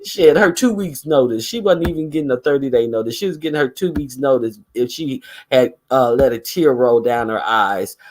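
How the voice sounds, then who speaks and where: A man giving casual gossip commentary in a profane, sarcastic, animated way. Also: medium pitch, moderate pace, hardly any pauses, slight background noise. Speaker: vlogger.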